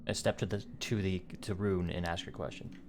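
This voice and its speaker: A man narrating as game master in a tabletop game, in an unhurried, plain way with small hesitations. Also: sits low, fairly even intonation, a little mellow, slight background noise.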